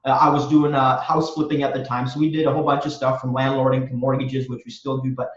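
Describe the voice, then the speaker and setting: A man's voice: mid-range voice, little pitch movement, fast talker, roomy sound, recorded from a distance, dull audio. A man guest on a podcast, answering in an earnest, motivational way and repeating phrases for emphasis. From Romania. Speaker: guest, real estate wholesaler.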